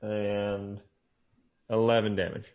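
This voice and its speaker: A man's voice: on the low side, little pitch movement, takes it slowly, narrow, tinny audio, background noise. A man playing a tabletop game, chatting casually and often repeating words as he starts. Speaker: player.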